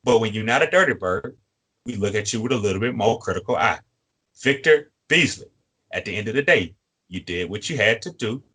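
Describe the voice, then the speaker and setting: A man's voice: lowish voice, lively intonation, brisk, a bit bright, breathy edge. A man co-hosting a sports fan show, lecturing a player in a repetitive, preachy way. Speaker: co-host. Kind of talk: fan sports podcast talk.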